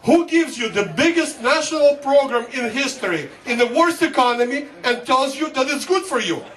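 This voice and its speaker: High-voiced man, giving a fiery rally speech. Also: expressive, moderate pace. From Soviet Union (Russia). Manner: fervent, repeats a rallying slogan. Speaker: guest speaker at a political rally. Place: outdoor rally before a large crowd. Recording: distant mic, loud crowd and noise.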